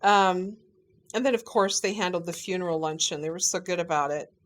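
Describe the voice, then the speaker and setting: A woman's voice: fairly low pitch, fairly quick. Chatty woman telling family stories. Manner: chatty, animated, laughs often. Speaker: family member recounting a parent's final weeks. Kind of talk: casual family storytelling.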